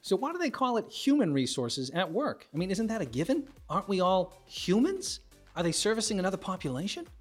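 A middle-aged man from the United States delivers an observational stand-up monologue. He jumps into higher voices to play the people in his stories. Faint music sits under him. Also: brisk. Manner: animated, acts out characters with big pitch jumps. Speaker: stand-up comedian.

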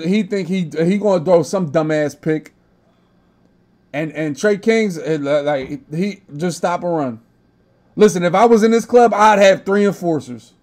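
A man's voice: high voice, unhurried, darkish tone. A young man hosting a casual gaming podcast, talking brash, profane trash talk. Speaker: podcast host.

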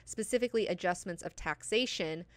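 A woman reading the lines of a stern male warrior counselor aloud from a novel in a level tone, with her own bright voice. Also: on the low side, brisk, dry recording, close to an everyday voice. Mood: earnest warning. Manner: read aloud from a book in a level tone.

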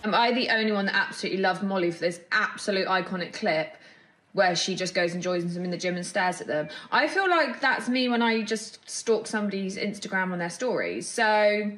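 A woman's voice: mid-range voice, a bit bright. A young woman hosting a casual gossip show, chatty, gushing and opinionated. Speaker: host.

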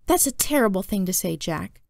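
A woman voicing a patient mother gently persuading her son in a storybook reading. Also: medium pitch, animated, brisk, gravelly, dry recording, studio quality. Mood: reproachful. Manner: gentle, coaxing.

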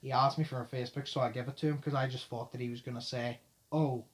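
A man hosting a podcast, telling a story in a casual chat, talking fast and loud and swearing often. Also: mid-range voice, level tone. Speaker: podcast host.

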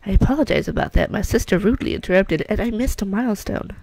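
A woman's voice: medium pitch, quick pace, hardly any pauses, a little mellow, no room sound. A young woman giving casual let's-play commentary, chatting away and cooing at the pets in her game. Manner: chatty, coos and talks to the game's pets. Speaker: gameplay commentator.

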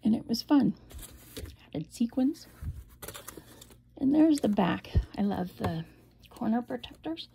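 A woman's voice: a little high, animated, takes it slowly, creaky, pauses often, warm tone, slight background noise. A middle-aged woman casually showing off a handmade album, chatty and rambling, with frequent laughs and whispered asides. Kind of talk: casual show-and-tell.

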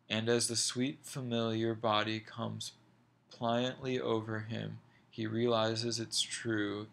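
Slow, gravelly male storyteller. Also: on the low side, a bit bright. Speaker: reader. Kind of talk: audiobook reading of a short story.

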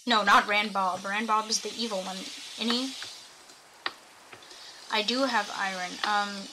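A woman's voice: mid-range voice, steady tone, unhurried. A young woman streaming a video game, chatting to her viewers and thinking aloud as she plays. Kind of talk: casual gameplay commentary. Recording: audible background noise.

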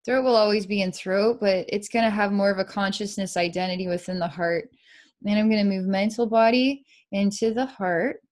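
Soft-spoken woman psychic, sighing often. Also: mid-range voice. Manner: soft, sighing, repetitive, dreamy narration of visions. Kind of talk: live energy-healing session with a client.

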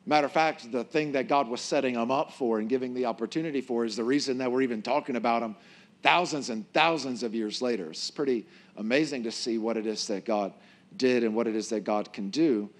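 A male pastor giving a sermon in a conversational, animated storytelling way. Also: mid-range voice, brisk.

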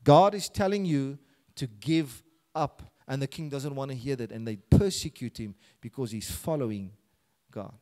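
A man's voice: medium pitch, animated, normal speed, dark tone. A man preaching a sermon with a South African accent, reading scripture aloud with rising passion. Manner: impassioned, voices scripture with rising intensity. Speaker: pastor.

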